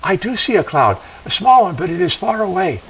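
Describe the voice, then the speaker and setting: A man voicing a kind, trusting young woman who speaks softly and gently. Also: sits high, big pitch swings, fairly quick, recorded from a distance, a little hiss or hum, poor audio. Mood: gentle.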